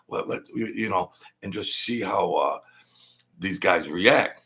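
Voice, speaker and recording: A man telling stories in a rambling, animated way, often repeating himself and acting out quoted voices. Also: low voice, moderate pace. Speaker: host telling stories from mob life. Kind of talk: casual storytelling monologue. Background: lawnmower outside.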